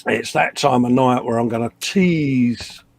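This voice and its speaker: A man's voice: medium pitch, a little slow, creaky. A man hosting a live model-building stream, joking and reading out viewer comments in casual banter. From England. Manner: jokey, reads viewer comments aloud.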